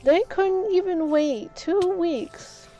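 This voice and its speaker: A woman's voice: very high-pitched, takes it slowly, dark tone, soft background music. A woman streaming a game, casually telling a long rambling story and retelling conversations with "I was like".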